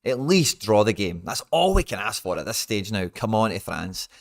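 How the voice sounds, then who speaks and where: A young Scottish man with a fairly low voice hosts a live football watch-along into a desk microphone. He rants in exasperation and swears freely, breaking into sudden loud outbursts. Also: sing-song, normal speed.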